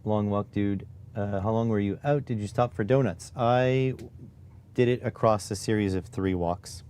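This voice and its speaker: Low-voiced guy from canada rambling on his stream, slow and mellow, keys typing in the back. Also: slight background noise. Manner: muttering to himself while typing commands. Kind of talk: casual live-stream chat. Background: keyboard typing.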